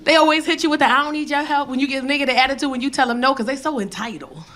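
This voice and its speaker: Bright, blunt New woman comic. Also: very fast. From South Bronx, New York. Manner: blunt, profane, shouts punchlines then drops low for asides. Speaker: stand-up comedian. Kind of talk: stand-up routine. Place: comedy club stage.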